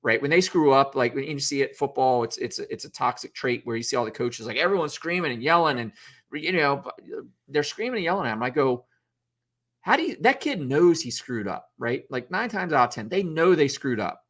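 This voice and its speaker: Here the youth football coach sounds expressive and a bit bright, at medium pitch and a slightly quick clip. In an unscripted podcast debate about leadership he wanders, restarts frequently and acts out what coaches say.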